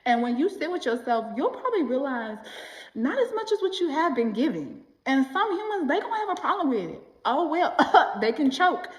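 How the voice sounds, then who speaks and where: A woman giving casual motivational talk to camera, animated and slangy, often acting out the voices of people she quotes. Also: high voice, brisk, reverberant, poor audio. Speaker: self-help vlogger.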